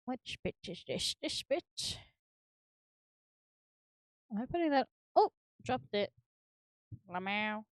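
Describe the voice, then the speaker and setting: A woman's voice: medium pitch, big pitch swings, slow pace, long pauses, dry recording, clean studio sound. A woman streamer chatting casually and giggling while she builds, swearing now and then and filling her talk with fillers.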